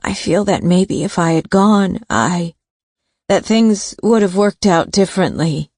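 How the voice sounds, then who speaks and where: A woman's voice: on the low side, lively intonation, unhurried, a little mellow, no echo, studio quality. Woman voicing a hesitant older retired nurse. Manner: hesitant, confiding.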